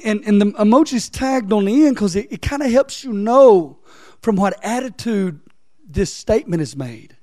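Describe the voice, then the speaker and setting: A man preaching a sermon in a chatty way, swinging from loud scripture reading to soft, low asides. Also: dry recording, clean studio sound. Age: adult, father of three. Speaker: pastor.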